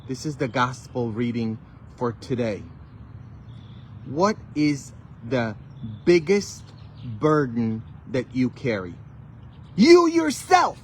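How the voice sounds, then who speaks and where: A man, a Catholic priest, preaching a sermon with emphatic rhetorical questions and sudden loud bursts. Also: medium pitch, takes it slowly, pauses often, slight background noise.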